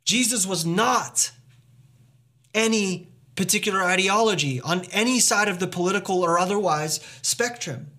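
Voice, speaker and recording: A pastor delivers his sermon in a notably high voice for a man. He is earnest and emphatic, pressing his points with rhetorical questions. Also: moderate pace, bright, forceful tone.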